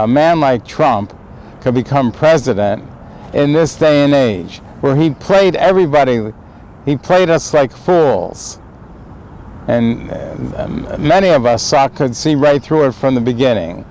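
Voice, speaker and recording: A man's voice: mid-range voice, darkish tone, a little hiss or hum, low-quality recording. An older American man giving an impassioned, emphatic speech outdoors on a city street, recorded on a homemade handheld camera. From United States. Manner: impassioned, emphatic, repeats phrases. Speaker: citizen vlogger. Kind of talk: impromptu political speech. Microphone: handheld homemade video camera.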